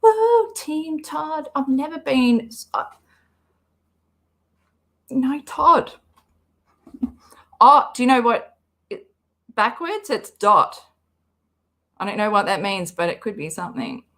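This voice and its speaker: A woman talks slowly and easily as she hosts a live reaction stream. She rambles from one thought to the next in a casual, chatty way and reads the chat aloud as she goes. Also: a little high, animated, fairly bright tone. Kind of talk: casual livestream commentary.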